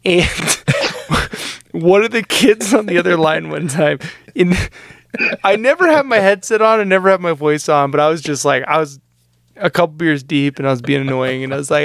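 Smooth-voiced joking man in his thirties. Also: fairly high pitch, normal speed, fairly bright tone, no echo, studio quality. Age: 30s. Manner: joking, self-mocking. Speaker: podcast host. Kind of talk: casual chat.

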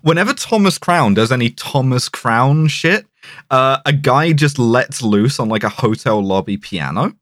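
A man's voice: mid-range voice, lively intonation, a little slow, a bit bright, dry recording, studio quality. A man co-hosting a casual film podcast, recapping scenes and dropping into playful put-on voices. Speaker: podcast co-host. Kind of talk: casual film-review chat.

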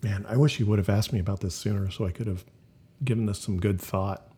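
A man's voice: fairly low pitch, steady tone, quick pace, warm tone, slightly rough. Man, casual podcast chat, blunt, swears a lot, mocking. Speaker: podcast co-host.

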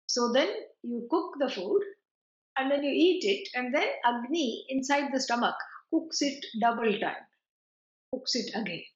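A woman giving a chatty, digressive spiritual lecture, with quick laughs and asides. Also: sits high, expressive. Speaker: teacher of scripture. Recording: roomy, dull lo-fi recording.

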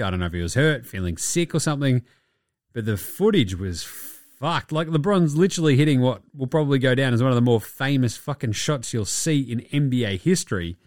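A man's voice: mid-range voice, dry recording, clean studio sound. Blunt, sweary Australian man. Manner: swearing, blunt, laid-back. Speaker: podcast host. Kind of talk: casual sports chat.

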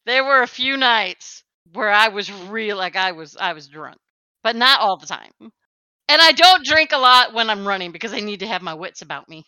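Lively bright-voiced woman co-host. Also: medium pitch, normal speed, clear, resonant tone, dry recording. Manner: teasing, laughs often. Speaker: podcast co-host. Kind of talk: casual chat.

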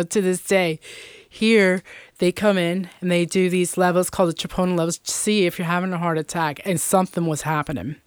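Middle-aged woman, interview guest, earnest testimony, lowish voice, dry. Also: smooth, no room sound. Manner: earnest, many fillers like "you know" and "um".

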